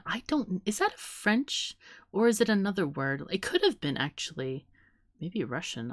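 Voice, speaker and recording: A woman's voice: fairly low pitch, dry recording, clean studio sound. A woman co-hosting a casual podcast, laughing often and rambling through playful guesses. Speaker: podcast co-host.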